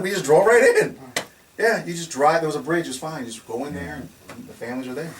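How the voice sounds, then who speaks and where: A man telling stories in a casual conversation as the founder of a security company, animated and laughing, often restarting and acting out what people said. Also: fairly high pitch, fairly quick. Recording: distant mic with faint noise.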